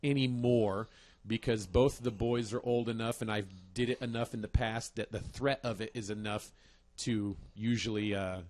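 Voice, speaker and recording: A man's voice: fairly low pitch, darkish tone. A man in his thirties chatting on a podcast, telling a profane story about his kids with frequent laughter. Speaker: podcast host. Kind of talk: casual chat.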